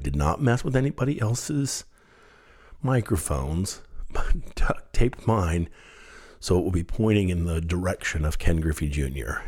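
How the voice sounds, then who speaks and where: Male podcast host, low and a little husky, lively self-deprecating storyteller. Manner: animated storyteller, laughs at himself. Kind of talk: storytelling monologue.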